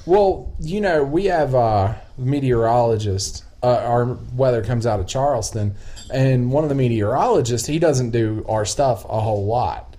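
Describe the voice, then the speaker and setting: A man's voice: medium pitch, lively intonation, moderate pace, warm tone. A man chatting casually, rambling through an anecdote and acting out what others said. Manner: rambling storyteller, quotes others. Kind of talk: casual chat.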